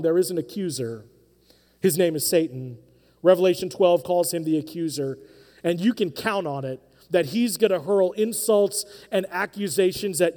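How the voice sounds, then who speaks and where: A man's voice: sits high, warm tone, big-room sound. A man preaching a sermon, earnest and conversational, acting out quotes from the people and figures he speaks about. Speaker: pastor. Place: church sanctuary.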